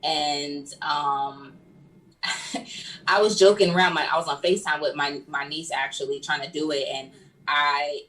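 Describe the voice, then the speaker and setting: Low-voiced woman, a little off-mic. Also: fairly even intonation, unhurried, a bit bright, distant mic, low-quality recording. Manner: self-deprecating, laughs at herself. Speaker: reporter and media personality, podcast guest. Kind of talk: casual podcast chat.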